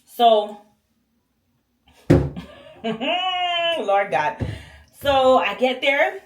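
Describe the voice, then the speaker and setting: A woman telling a personal story casually to camera while cleaning her bathroom, animated and slangy, acting out the voices of the people in it. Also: high voice, drawn-out words. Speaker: vlogger. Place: home bathroom. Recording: echoey bathroom.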